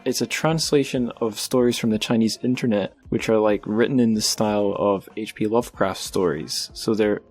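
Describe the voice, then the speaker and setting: A male podcast host works through a news segment and reads short book blurbs. He sits slightly low in pitch and keeps it loose and casual, with frequent fillers. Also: normal speed, hardly any pauses, a little mellow, faint music behind.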